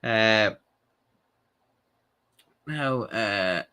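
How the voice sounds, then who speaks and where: A man's voice: lowish voice, extremely slow, pushed and bright, clear, resonant tone. A young Irish man hosting a live stream, chatting casually and reading out viewer comments, with lots of fillers and restarts. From Ireland. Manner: rambling, many fillers and restarts.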